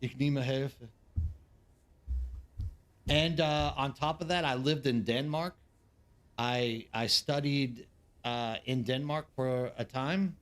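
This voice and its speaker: A man's voice: medium pitch, slow, fairly bright tone. A man in his forties, a game streamer, rambling in casual live-stream chat and talking straight to his viewers.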